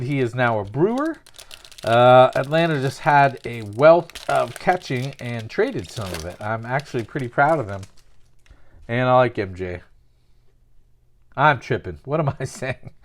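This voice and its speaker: A man with a mid-range voice chatting his way through an opening. He rambles, jokes and pokes fun at himself as he goes. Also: medium pitch. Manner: rambling, jokey, self-mocking. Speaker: sports card collector opening packs. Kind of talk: casual pack-opening commentary with absurd storytelling.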